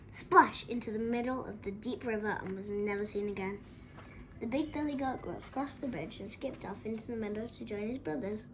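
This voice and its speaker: A woman reads a children's storybook aloud with expressive, dramatic delivery. Her voice sits fairly high, with a faint hiss in the background.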